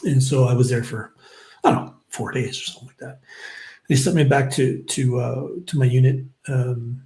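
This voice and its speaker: A man's voice: mid-range voice, steady tone, normal speed, dark tone, poor audio. Rambling middle-aged man telling stories. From Canada, British Columbia. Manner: rambling, frequent ums and uhs, casual swearing. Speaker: podcast guest. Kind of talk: casual storytelling interview.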